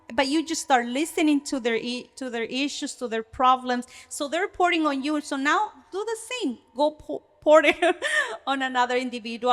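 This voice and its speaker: A woman co-hosting a casual podcast, her voice sitting a bit high. She talks earnestly and with energy, often restarting her sentences as she works out what she means. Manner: earnest, animated, many restarts. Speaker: podcast co-host.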